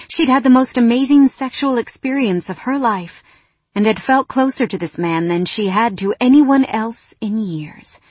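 Expressive woman audiobook narrator, dry. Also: mid-range voice, husky, no echo. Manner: expressive, dramatic pauses.

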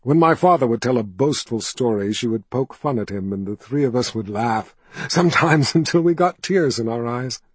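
A man playing a soft-spoken, coaxing tyrant. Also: mid-range voice, lively intonation, moderate pace, breathy edge, dry recording. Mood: coaxing, soothing. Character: smooth, soft-spoken male tyrant posing as kind.

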